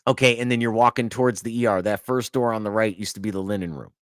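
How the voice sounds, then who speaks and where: Animated man telling a story on a podcast. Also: lowish voice, fast, dry recording, clean studio sound. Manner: animated, restarts, swears, laughs mid-story. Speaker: podcast host. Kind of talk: casual storytelling chat.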